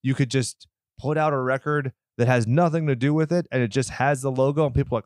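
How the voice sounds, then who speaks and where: Podcast co-host, male, mid-pitched, sarcastic and jokey, dry close-mic sound. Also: steady tone, fast talker, a little mellow, no room sound. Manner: sarcastic, joking, swears. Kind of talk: casual movie review banter.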